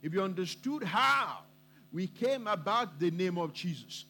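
High, animated male preacher. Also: unhurried. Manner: emphatic, repetitive preaching. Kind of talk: sermon.

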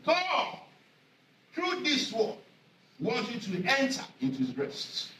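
High-voiced pastor preaching. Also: male voice, wildly swooping pitch, sharp tone. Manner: emphatic, repeats scripture phrases slowly for stress. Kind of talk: sermon. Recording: echoey room, voice from a distance.

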